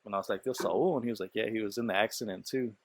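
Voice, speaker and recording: A man's voice: on the low side, steady tone, very fast, husky, dry recording. A man hosting a podcast, telling a story in loose casual talk, full of swearing, fillers and quoted speech. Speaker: podcast host.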